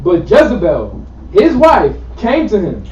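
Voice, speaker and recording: A man's voice: sits high, wildly swooping pitch, measured pace, darkish tone, recorded from a distance, slight background noise. Man reading scripture aloud, echoey. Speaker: scripture reader. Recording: dull, echoey, from afar.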